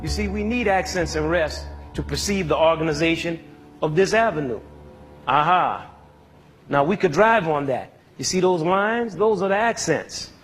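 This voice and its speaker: A man's voice: on the high side, expressive, normal speed, fairly bright tone. A man explaining music to a young audience in an educational talk, teaching step by step and asking the audience questions as he goes.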